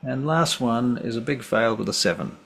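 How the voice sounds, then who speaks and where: A man's voice: medium pitch, animated, moderate pace, gravelly, a bit bright, slightly rough. A man running a tabletop game as game master, easygoing and thinking aloud as he tallies dice.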